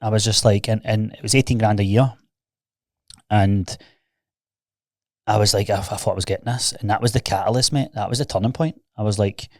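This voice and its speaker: A young Scottish man talks fast and openly, spilling his stories in a rush and tossing in "mate" every few breaths. His voice sits on the low side, and the recording is close and dry, with no room sound. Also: steady tone, darkish tone, no room sound. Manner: rapid, candid, peppered with "mate". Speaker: podcast guest, fitness coach. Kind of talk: casual storytelling chat.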